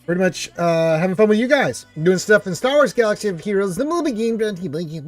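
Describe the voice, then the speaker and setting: A man hosts a laid-back gaming live stream, his voice pitched a little above the usual for a man. He chats loosely and reads viewers' greetings aloud. Quiet music runs faintly behind him. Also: big pitch swings, brisk, no echo. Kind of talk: casual live stream chat.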